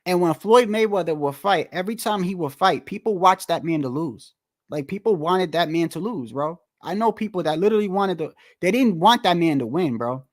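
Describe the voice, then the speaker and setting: Male boxing commentator, high voice, heated profane rant, full of rhetorical questions. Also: expressive, brisk. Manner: profane, slangy. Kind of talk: casual rant to the audience.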